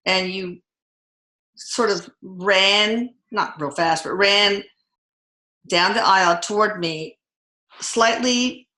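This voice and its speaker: A woman hosting the show, chatting casually and telling stories in an animated way. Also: medium pitch, takes it slowly, pauses often. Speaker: host. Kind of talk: casual conversation. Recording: echoey room.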